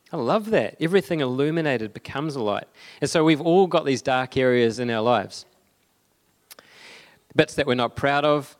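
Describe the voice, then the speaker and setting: A young man giving a conversational sermon, halting often with fillers and restarts. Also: medium pitch. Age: young adult. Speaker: preacher.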